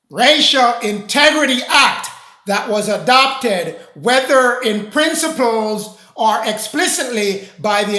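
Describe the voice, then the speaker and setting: A religious teacher preaching a lecture, emphatic and repetitive, often rising to a shout. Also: medium pitch. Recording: roomy echo.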